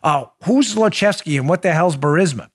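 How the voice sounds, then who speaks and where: A man's voice: fairly high pitch, animated, moderate pace, breathy edge. A man hosting a political podcast, sarcastic and incredulous, talking back and forth with his producer. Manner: talks to his producer on air. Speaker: podcast host. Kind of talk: political commentary.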